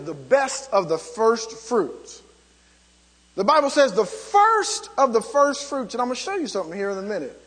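A man preaching with a high, lively voice that swoops up and down as he presses his points. His tone is slightly husky, and his words carry a long reverb from a church sanctuary. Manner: emphatic preaching with many calls of "come on". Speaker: pastor. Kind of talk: sermon.

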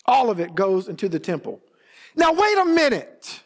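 A man's voice: sits high, big pitch swings, moderate pace. A man preaching a sermon as pastor, emphatic and repeating his key phrases for weight. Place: church sanctuary. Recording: long reverb of a large hall.

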